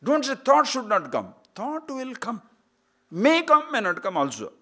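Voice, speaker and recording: A middle-aged man with an Indian English accent, giving a spiritual lecture on scripture. He moves between loud emphasis and quiet asides, and laughs at his own jokes. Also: very high voice, wildly swooping pitch, measured pace. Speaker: spiritual teacher.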